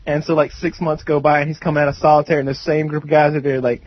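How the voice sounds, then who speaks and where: A young man on a podcast, telling a story in a quick, chatty way. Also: fairly high pitch, flat delivery, no echo. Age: young adult. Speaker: podcast co-host. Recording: dull lo-fi podcast audio.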